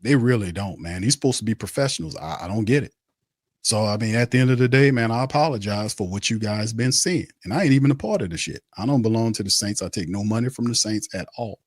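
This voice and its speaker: A man's voice: on the low side, animated, quick pace, no room sound, clean studio sound. A man hosting a postgame sports show. He rants bluntly and heatedly and keeps repeating his phrases. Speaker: sports talk show host.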